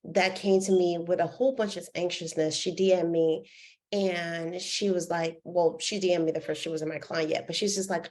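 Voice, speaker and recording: A woman's voice: on the low side, normal speed. Woman coach telling a story on a call. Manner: storytelling, acting out quoted dialogue. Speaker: workshop presenter and coach. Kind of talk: online workshop talk.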